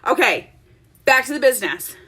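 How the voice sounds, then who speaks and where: A woman vlogging from her home office, telling an animated, laughing story in a chatty, casual way. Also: high-pitched, normal speed, husky. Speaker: network-marketing business leader and vlogger.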